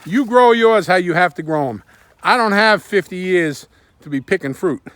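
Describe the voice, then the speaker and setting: Man, high voice, excited homestead vlogger, outdoors in a garden, talking while he works. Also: moderate pace, no room sound. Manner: enthusiastic, talks while working outdoors. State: out of breath at times. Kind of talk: casual garden vlog. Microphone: camera held by a helper.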